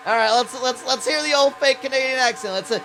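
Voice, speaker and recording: A man's voice: very high voice, fast, over music. A man calling a race as play-by-play commentator in a rambling, folksy way, often stumbling over his words.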